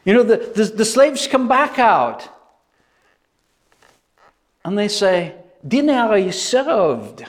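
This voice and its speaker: A male preacher giving a sermon, animated and emphatic, repeating phrases for effect. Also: sits high, takes it slowly, pauses often.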